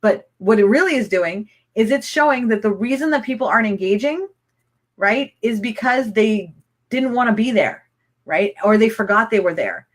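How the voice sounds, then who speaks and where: A woman coaching a live-streamed training, chatty and excitable, rambling with restarts as she answers viewer comments. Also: on the high side, normal speed. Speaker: online business coach.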